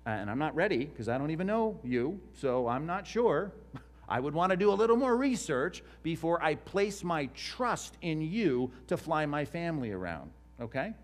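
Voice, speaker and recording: A man's voice: fairly high pitch, very animated, moderate pace. A man, a pastor giving a conversational teaching sermon to a live congregation and asking them questions. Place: church before a live congregation.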